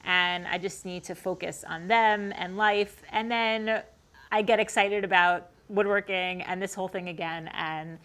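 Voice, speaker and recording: A woman with a Long Island accent, chatting casually to camera as host of her woodworking channel, quick to laugh and full of "like" fillers. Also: medium pitch, fairly even intonation, fairly bright tone. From Long Island, New York. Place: detached garage workshop.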